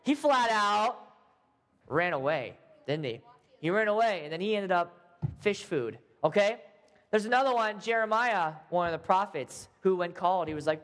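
A man leads a lively Bible lesson, playful and animated as he gives out quiz points. His voice sits high for a man. A long hall echo follows him. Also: normal speed. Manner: animated, playful, acts out the characters. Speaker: Bible class teacher. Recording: echoey hall.

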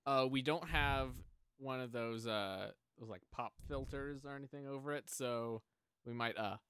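Speaking close into a stand-mounted drum mic, this man hosts a laid-back podcast from home, wandering through casual chat full of fillers. His medium-pitched voice moves at a normal speed and sounds smooth and a bit bright, with no echo.

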